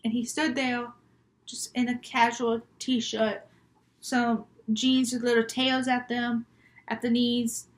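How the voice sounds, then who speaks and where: A young woman vlogger telling homemade scary stories, chatty and rambling with frequent giggles. Her voice sits a little high for a woman. She talks casually, as if to friends. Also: flat delivery, slow pace. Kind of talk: casual storytelling vlog.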